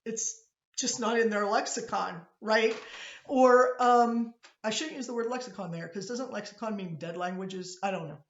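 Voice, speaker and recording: A woman's voice: medium pitch, normal speed, reverberant, dull audio. A woman from Pittsburgh with a Pittsburgh accent, giving a chatty, digressive classroom lecture and often checking in with her students. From Pittsburgh, USA. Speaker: college instructor.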